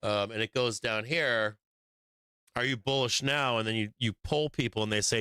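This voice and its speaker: A man's voice: mid-range voice, brisk, sharp tone, smooth, dry recording. A man hosting a stock market show who gives casual trading commentary in a blunt, profane, rambling way with many fillers.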